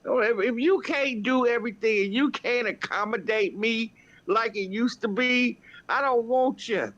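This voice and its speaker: A woman's voice: a little high, unhurried, fairly bright tone. A woman in casual chat, venting bluntly and swearing freely as she tells a story. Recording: dull lo-fi recording.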